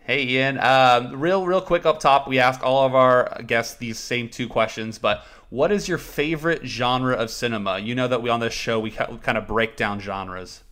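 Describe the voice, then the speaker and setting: A man's voice: mid-range voice, normal speed, few pauses, a bit bright. A young man hosting a podcast, joking and rambling in a self-mocking, casual way. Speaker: podcast host.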